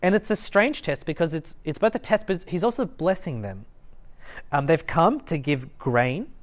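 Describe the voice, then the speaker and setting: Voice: medium pitch, very animated, normal speed. A young adult giving a casual Bible talk to a student group, talking conversationally with fillers, restarts and light chuckles. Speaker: student ministry Bible teacher. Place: lecture room at a student meeting.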